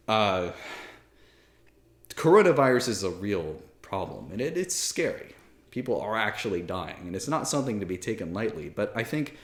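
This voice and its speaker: A man's voice: fairly low pitch, echoey room. A man in his thirties, a priest, giving a candid, self-deprecating talk with many fillers and restarts from a library armchair. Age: 30s. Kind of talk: casual spoken talk to camera.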